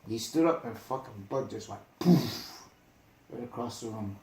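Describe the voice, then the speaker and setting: A man telling stories in casual conversation, emphatic and animated, often asking if the listener follows. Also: medium pitch, normal speed, reverberant, low-quality recording. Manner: animated, emphatic, asks "you get me?". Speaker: storyteller. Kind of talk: casual storytelling chat.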